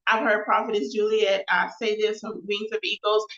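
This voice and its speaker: A bright-voiced woman chats on her own livestream, looping back over phrases and calling her viewers y'all. The sound is echoey and a little dull, like a home room picked up by a basic mic. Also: mid-range voice, little pitch movement, moderate pace. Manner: chatty, repeats phrases, addresses viewers as y'all. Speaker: host of a live show and podcast. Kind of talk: casual livestream talk with faith references.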